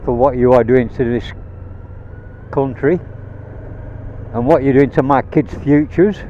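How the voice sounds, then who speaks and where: A man's voice: mid-range voice, unhurried, mellow, muffled recording, a little hiss or hum. A man from Rhodesia, a vlogger, ranting bluntly and swearing while riding a motorbike, recorded on a helmet mic. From Rhodesia (now Zimbabwe). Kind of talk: angry rant while riding. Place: on a motorbike outdoors.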